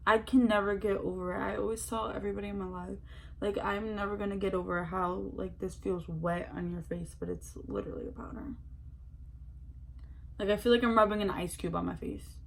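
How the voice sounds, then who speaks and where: A young woman chatting excitedly as a beauty vlogger while doing her makeup, full of slang and filler words. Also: medium pitch, a little fast, creaky.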